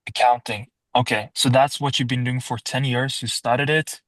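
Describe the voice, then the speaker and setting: Calm male salesman who probes and sums up what he hears, dry close mic. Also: medium pitch, moderate pace, dry recording, rough recording. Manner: calm, questioning, restates answers. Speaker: salesperson in roleplay. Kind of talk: sales call roleplay.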